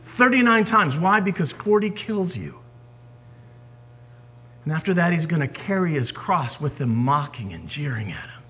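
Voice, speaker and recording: A man preaching a sermon as a pastor, swinging from forceful emphasis down to hushed whispers. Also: on the high side, very animated, normal speed, a little hiss or hum.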